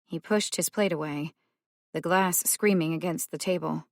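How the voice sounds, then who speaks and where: Woman with a lowish, even narrating voice. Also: moderate pace, dry recording, clean studio sound. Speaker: audiobook narrator. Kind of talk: scripted narration.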